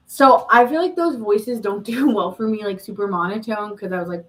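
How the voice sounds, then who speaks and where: A woman's voice: medium pitch, normal speed, few pauses, poor audio. A woman hosting a live tarot reading stream, chatting casually and answering viewer comments with frequent laughs.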